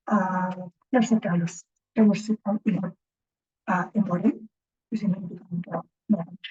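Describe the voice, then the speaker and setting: A woman giving an informal recorded lecture as instructor, speaking haltingly and thinking aloud, often checking in with a questioning "right?". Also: lowish voice, fairly even intonation, darkish tone, slightly rough. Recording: dull lo-fi recording.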